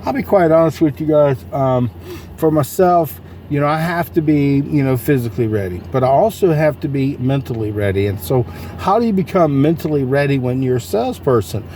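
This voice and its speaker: A man's voice: mid-range voice, lively intonation, a little fast, warm tone, a little hiss or hum. A man giving a casual, folksy motivational talk about selling from inside his parked car, asking his listeners question after question. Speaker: sales coach vlogger.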